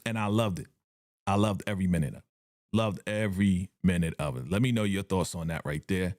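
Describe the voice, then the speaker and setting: A man hosting a casual live reaction stream about a TV episode, talking in an animated, slangy way and laughing often. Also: low-pitched, brisk, dry recording, clean studio sound. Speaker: TV show reaction livestream host.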